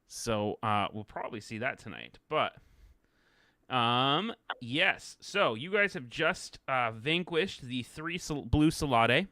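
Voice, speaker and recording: A man narrating a tabletop game as game master over a video call, relaxed and chatty. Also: mid-range voice, slow pace.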